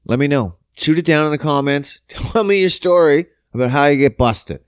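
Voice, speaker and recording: A man's voice: fairly high pitch, expressive, moderate pace, smooth, dry recording, studio quality. A man hosting a podcast, telling crude comic stories in a profane, boisterous way and laughing often. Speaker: podcast host. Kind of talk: crude comic storytelling monologue.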